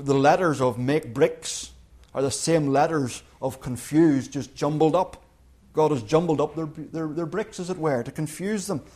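A man preaching a sermon who tells the story lively and with humour, acting out little voices. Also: fairly high pitch.

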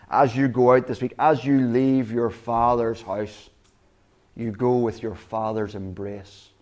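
A man's voice: medium pitch, darkish tone. Earnest man preaching a sermon. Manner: earnest, with repeated restarts and quoted voices of God. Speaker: pastor.

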